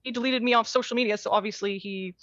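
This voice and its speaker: A woman calling in to a podcast, telling her story in a hesitant, halting way. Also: on the high side, steady tone, a bit bright, no echo. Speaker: caller. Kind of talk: casual phone-in chat. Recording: dry, dull call audio.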